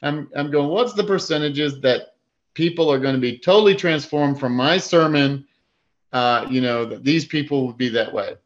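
A man's voice: fairly high pitch, normal speed, highs cut off. A man who preaches, telling a story in a casual faith chat, acting out his own thoughts with many fillers.

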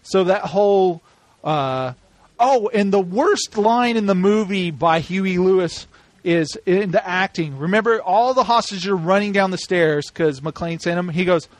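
A man with a fairly high voice chats casually about a favorite movie. He laughs a lot, gushes over scenes and slips into impressions of the dialogue. It is relaxed podcast banter. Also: a little slow, no echo. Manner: enthusiastic, laughing, acts out film lines. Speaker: podcast host.

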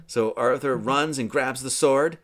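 A man's voice: mid-range voice, measured pace. A man giving a casual, rambling film commentary, full of "you know" and "right?".

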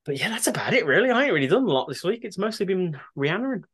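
A man's voice: sits high, big pitch swings, racing, fairly bright tone, slightly rough. A man with a Welsh accent, chatting casually and enthusiastically as a podcast co-host. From England.

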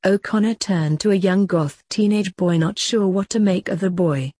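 A woman reading a short story aloud in a plain, even way. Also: mid-range voice, moderate pace, dry recording. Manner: plain, even reading of narration and dialogue tags.

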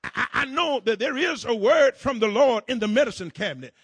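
A man preaching a fervent sermon, repeating words in rhythm, rising into shouts and calling on the congregation to answer. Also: very high voice, expressive, brisk, husky, dry recording. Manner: call-and-response with the congregation. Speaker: pastor.

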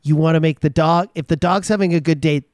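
A man's voice: on the high side, steady tone, quick pace, darkish tone, dry recording. Chatty man with a dry close sound. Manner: chatty storyteller, lots of fillers and restarts. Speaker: co-host. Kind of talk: casual podcast chat.

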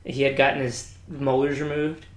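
A man casually telling stories about his Navy service, acting out the people he quotes with lively voice changes, swearing and laughing often. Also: medium pitch, normal speed. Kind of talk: casual storytelling chat. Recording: echoey room.

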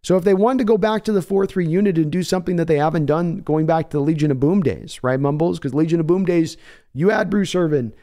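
A smooth, clear-voiced man hosts a casual fan stream. He talks in a mellow, somewhat higher tone, rambling and restarting as he reads out viewer messages and thinks aloud. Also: fast. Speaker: host of a fan sports livestream. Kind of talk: casual live-stream commentary reading chat.

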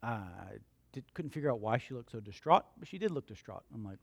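This sermon comes from a male pastor with a creaky mid-range voice, animated and a little fast, on a dry recording. He drives points home by repeating lines and answering his own questions, shifting from loud emphatic moments into quiet storytelling.

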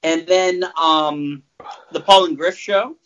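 A man hosts a podcast in casual chat. His voice sits a little high, and he rambles and jokes with plenty of fillers. The recording is muffled and lo-fi. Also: steady tone, takes it slowly, fairly bright tone, clear, resonant tone. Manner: rambling, loose and jokey, with many fillers. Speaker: podcast host. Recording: muffled lo-fi sound.

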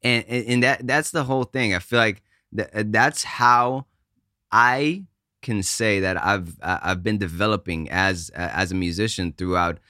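A man with a lowish yet bright voice hosts a casual podcast chat. He searches for words and often restarts his sentences. The recording sounds dry and close. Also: unhurried, no room sound. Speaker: podcast host and musician.

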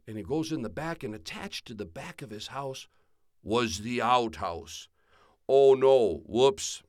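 A man telling a children's story aloud in a folksy, drawn-out way. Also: medium pitch, expressive, fairly bright tone, no room sound, clean studio sound.

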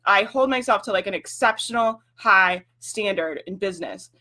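A woman's voice: medium pitch, normal speed, pushed and bright. A young woman hosting a casual livestream for business owners, talking frankly with lots of "like" fillers and the odd swear word.

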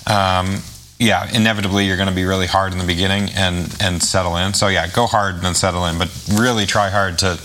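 Bright-toned chatty man, low voice. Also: fairly even intonation, fairly quick, a little hiss or hum. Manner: rambling, chatty, self-correcting. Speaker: podcast guest, cyclist. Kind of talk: casual podcast chat.

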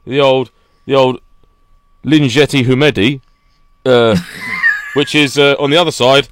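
A man's voice: medium pitch, fairly even intonation, unhurried, fairly bright tone, a little hiss or hum. A man co-hosting a podcast, ranting with laughter in a casual chat. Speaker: podcast co-host.

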